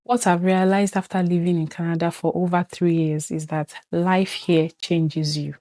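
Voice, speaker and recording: A woman's voice: fairly low pitch, level tone, moderate pace, mellow, dry recording, faint music behind. A young Nigerian woman with a Nigerian accent, chatting to camera in a casual vlog and acting out little quoted exchanges as she tells her story. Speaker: vlogger.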